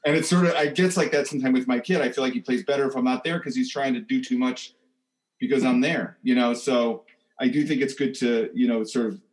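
Man, guest author, casual interview, rambling delivery, mid pitch. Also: steady tone, fairly quick, poor audio. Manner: rambling, restarts sentences often.

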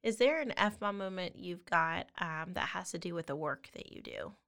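A woman's voice: fairly low pitch, animated, normal speed, gravelly, a bit bright. A woman hosting a podcast, chatting casually and affirming her guest. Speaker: podcast host. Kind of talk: casual interview chat.

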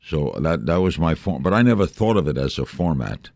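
A man in his eighties from New York, a veteran broadcaster telling stories in a brisk, rambling interview chat. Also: rumbling low, lively intonation, a little mellow, no echo, clean studio sound. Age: 80s. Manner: brisk, anecdotal, jumps between thoughts.

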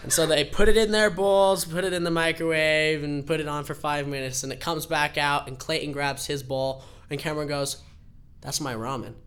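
A man's voice: fairly high pitch, moderate pace, a little hiss or hum. A young man telling a rambling, laughing personal story at a live storytelling event. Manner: rambling, laughing, animated retelling.

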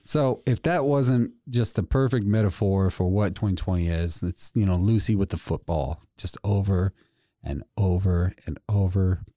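A man co-hosting a casual podcast, spinning a story with plenty of laughter. His voice sits fairly low and mellow. The sound is dry and close. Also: moderate pace, no room sound. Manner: animated storyteller, laughs often. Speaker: podcast co-host. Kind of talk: casual chat.

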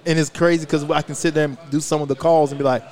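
A man, a former player, holds forth in a loose podcast chat recorded live at a restaurant. He talks with emphasis and swears freely as he gets worked up. His voice sits a little high for a man. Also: little pitch movement, fast, a little mellow.

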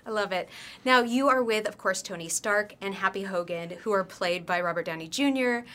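A woman's voice: mid-range voice, normal speed, a bit bright. A woman hosting an entertainment press interview, enthusiastic and bubbly. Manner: enthusiastic and bubbly, laughs often. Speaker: host.

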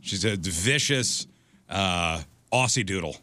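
Lively bright-voiced man telling stories. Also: deep voice, slow, no echo. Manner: storytelling, laughs often. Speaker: podcast co-host. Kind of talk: casual chat.

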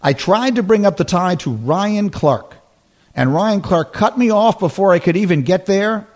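A man's voice: sits high, animated, normal speed, a little mellow. A man hosting a sports talk radio show, speaking emphatically and repeating his points.

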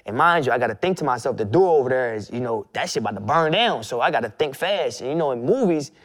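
A man's voice: medium pitch, lively intonation, fast, fairly bright tone. A young man in his twenties, a guest, telling a personal story in a loose conversational way, with lots of "you know" and restarts. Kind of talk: emotional storytelling in casual conversation.

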